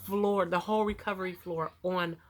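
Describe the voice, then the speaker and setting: Her voice on the low side and her speed normal, a woman shares her own story to camera, casual and animated with features, often laughing and turning emotional.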